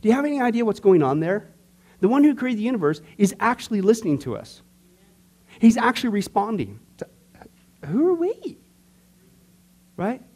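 A man teaching a church discipleship class in a conversational, animated way, joking with the class and acting out everyday people. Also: sits high, moderate pace, pauses often. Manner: conversational, jokes with the class, acts out skeptics.

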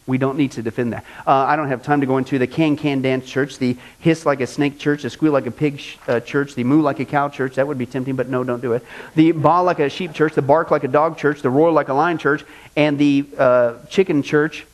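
A male pastor preaching an animated sermon, mocking things he disapproves of and doing quick impressions. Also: medium pitch.

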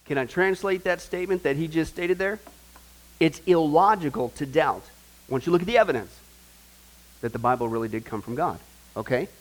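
An American man preaching a sermon, animated and emphatic, asking his listeners questions and joking along the way. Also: fairly high pitch, normal speed. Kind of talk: sermon with humor.

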